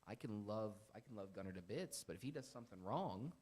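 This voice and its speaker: Young man, deepish voice, casual faith chat, rambling animated storytelling. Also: brisk. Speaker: podcast host.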